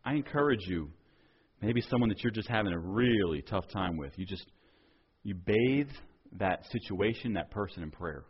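A male pastor preaching a sermon earnestly, acting out quoted dialogue and dropping softer on key points. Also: fairly low pitch, lively intonation, moderate pace, slightly rough, lo-fi sound.

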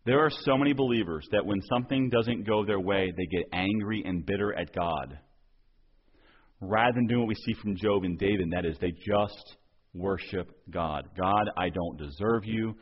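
Husky low-voiced preacher man. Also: moderate pace, highs cut off. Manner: earnest, repeats and restarts words while preaching. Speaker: pastor. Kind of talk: sermon.

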